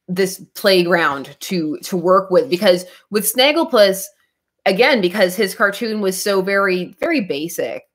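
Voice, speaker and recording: A woman runs a casual comic book club livestream on her comic book channel, rambling along with lots of restarts and laughter. Her voice is on the low side, a bit bright, with a breathy edge.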